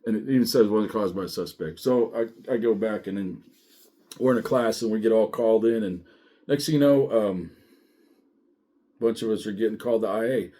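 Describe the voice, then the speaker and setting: A man's voice: medium pitch, moderate pace, warm tone. A man who once served as a deputy, casually telling a profane story about his police work, laughing as he goes. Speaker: former sheriff's deputy.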